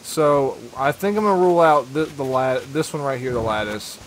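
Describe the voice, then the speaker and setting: A man's voice: medium pitch, normal speed, slight background noise. A young man chatting casually with his viewers while he plays a game and reads their messages, upbeat and slangy. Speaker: gaming streamer. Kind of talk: casual live-stream chat while playing.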